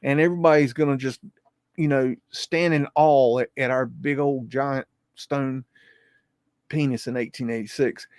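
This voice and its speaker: A man putting on the voice of a boastful male stonemason pitching a grand monument, cocky and salesman-like. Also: fairly even intonation, normal speed, darkish tone, no echo, clean studio sound, natural voice.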